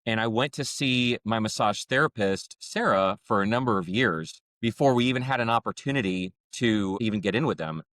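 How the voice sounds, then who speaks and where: A man's voice: lowish voice, moderate pace, hardly any pauses, no room sound, studio quality. A man hosting a podcast, telling a story in a casual, chatty way and acting out the dialogue. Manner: chatty, acts out quoted dialogue with lively voices. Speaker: podcast host.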